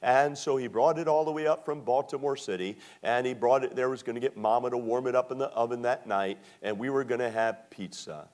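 A middle-aged man from Maryland preaching a sermon, telling stories with slow, drawn-out emphasis and many fillers. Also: medium pitch, steady tone, a little mellow. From Maryland, USA.

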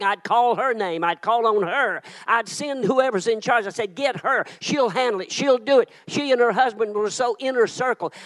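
A man preaching a sermon as a pastor, swinging from a hushed prayer to impassioned shouts. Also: high-pitched, rough recording.

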